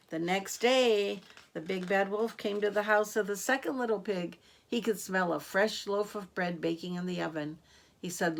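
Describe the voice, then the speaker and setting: A woman reading a storybook aloud to children, gentle and asking the listener questions. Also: medium pitch, normal speed, creaky.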